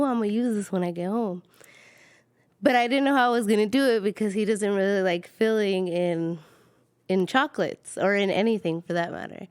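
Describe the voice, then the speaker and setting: A woman's voice: medium pitch, clear, resonant tone, no echo, studio quality. A woman telling a cheeky story in a casual podcast chat, playful and often laughing.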